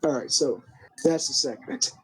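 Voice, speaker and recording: Husky young man recapping a game. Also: mid-range voice, moderate pace, fairly bright tone, rough recording. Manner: rambling, profane, full of restarts and 'like'. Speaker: game commentator. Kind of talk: casual recap of a wrestling game.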